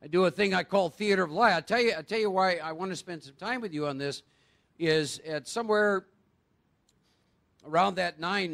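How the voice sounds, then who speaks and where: High-voiced gravelly man giving a talk. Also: fairly bright tone. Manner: conversational, quizzes the audience with rhetorical questions. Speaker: recovery workshop speaker. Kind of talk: live workshop talk.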